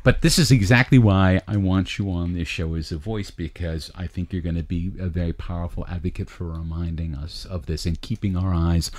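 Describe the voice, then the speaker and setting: Deep male podcast host, casual chat, animated emphasis. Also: a little fast, few pauses.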